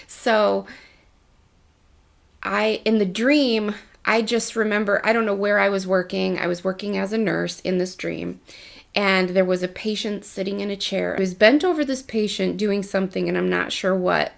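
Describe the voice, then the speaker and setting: A woman's voice: mid-range voice, steady tone, measured pace, gravelly. A woman coach telling personal stories in a casual vlog, candid and chatty with casual slang. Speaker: life coach.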